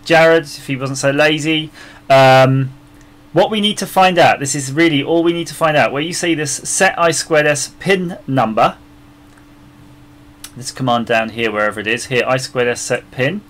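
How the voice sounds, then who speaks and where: A man's voice: medium pitch, moderate pace, a bit bright. A man hosting a live stream, chatting casually and laughing often as he works, with his microphone about three feet from him. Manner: chatty, laughs often, mutters while searching. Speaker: livestream host designing a circuit board. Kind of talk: casual live-stream chat while working. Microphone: microphone about three feet away.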